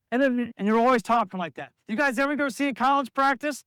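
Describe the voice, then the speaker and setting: A man with a high voice running a basketball practice, recorded close and dry. He calls out drills and instructions and breaks into the shouts he wants his players to use on the court. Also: fast, hardly any pauses, clean tone, no room sound. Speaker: basketball coach. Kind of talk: coaching at practice.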